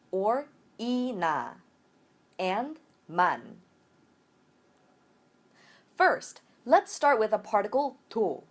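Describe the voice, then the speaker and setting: A woman language teacher giving a recorded virtual lecture, explaining grammar clearly and methodically. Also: mid-range voice.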